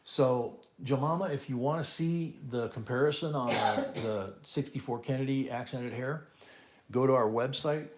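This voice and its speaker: A man hosts a casual live coin auction from home, calling out bids and chatting with viewers. He's chatty and repeats both the bids and his co-host's remarks, speaking in a mid-range voice at normal speed.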